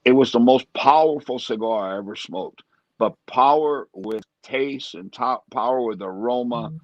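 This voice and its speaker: A man co-hosting a relaxed chat, speaking reflectively and circling back over his own words. The sound is dry and somewhat muffled. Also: medium pitch, normal speed, dry recording. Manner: reflective, repeats his phrases. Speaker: co-host. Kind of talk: casual chat, reminiscing.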